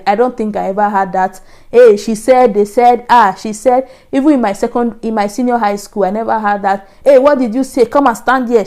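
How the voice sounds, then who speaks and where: A Nigerian woman vlogger telling a personal story in a lively, animated way, acting out the voices she quotes. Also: medium pitch. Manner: animated, acts out quoted voices, frequent laughs. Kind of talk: casual storytelling.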